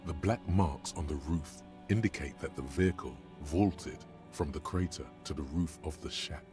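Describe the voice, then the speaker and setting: An actor playing a game's narrator, delivering measured, descriptive scripted narration. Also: male voice, rumbling low, over music. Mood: grave. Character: grave, deep-voiced male game narrator. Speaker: game narrator.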